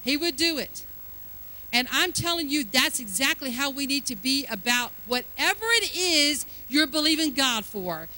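An older woman preaching a sermon, building from chatty asides to fervent, loud exhortation. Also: high-pitched, expressive, low-quality recording. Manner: fervent, rising to loud exhortation, drawn-out emphasis.

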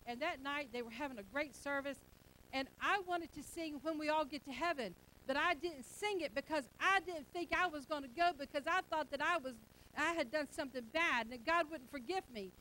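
A woman's voice: high-pitched, fairly quick, bright, forceful tone, a little hiss or hum, low-quality recording. A middle-aged woman pastor preaching a sermon, emphatic and repetitive, acting out bits of everyday dialogue.

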